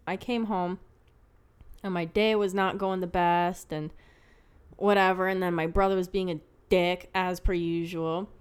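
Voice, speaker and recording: A young woman, co-hosting a podcast in casual chat, telling animated stories, swearing freely and laughing often. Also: lowish voice, unhurried, clean tone. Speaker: podcast co-host.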